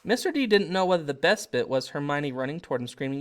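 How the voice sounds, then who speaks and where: A man reading his own storybook aloud, animated, with occasional slips and self-corrections. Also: on the high side, quick pace. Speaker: narrator and author.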